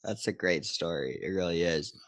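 Low-voiced easygoing male host. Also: normal speed, no room sound. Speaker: podcast host. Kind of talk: casual interview questions.

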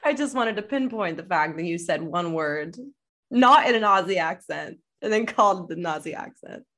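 A woman's voice: on the low side, lively intonation, moderate pace, a bit bright. A young woman co-hosting a podcast, chatty and teasing in casual talk. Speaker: podcast co-host.

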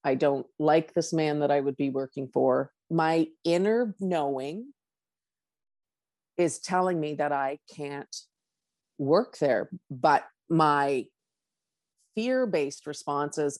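A woman's voice: low-pitched, takes it slowly, a little mellow, no echo, studio quality. A middle-aged woman, a coach, telling a personal story candidly and acting out her own inner dialogue.

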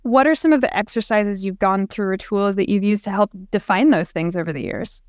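Woman, podcast host; smooth voice, curious and affirming, dry close mic. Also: medium pitch, fairly quick, no room sound. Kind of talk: business podcast interview.

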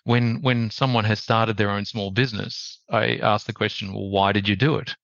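A man with an Australian accent, a podcast guest telling a story in a measured, reflective way. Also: lowish voice, steady tone, creaky, fairly bright tone, no echo, dull audio. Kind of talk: conversational storytelling.

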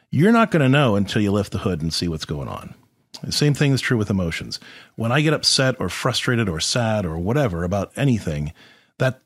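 A man with a fairly low voice talks listeners through advice in an animated, conversational way, often restarting and checking with "do you see the difference?" His tone is a little husky and swings widely in pitch. The recording is close and dry, with no room sound. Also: dry recording. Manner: animated, explanatory, with frequent restarts and rhetorical questions. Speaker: podcast host, therapist.

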